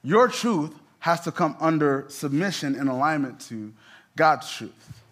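A man's voice: a little high, animated, unhurried, a bit bright. A man, a pastor, preaching a sermon in a conversational way, with emphatic rising peaks and many asides.

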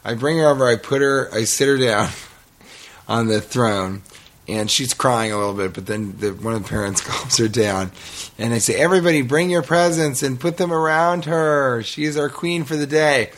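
A man's voice: medium pitch, moderate pace, fairly bright tone. A man co-hosting a podcast, telling a long story in a rambling, profane, self-mocking way. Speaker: podcast co-host. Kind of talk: casual storytelling chat.

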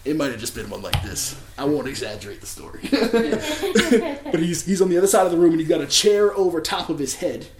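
A man's voice: on the high side, sing-song, fairly quick, reverberant, crowd noise. A man telling a story in a casual sermon, chatty, with many fillers and restarts. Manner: chatty, filler-heavy, with many likes and ums. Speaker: preacher.

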